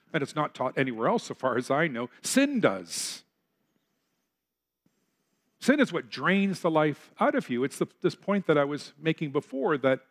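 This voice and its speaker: A man pastor preaching a sermon in a church, earnest and full of rhetorical questions. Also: a little high. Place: church sanctuary.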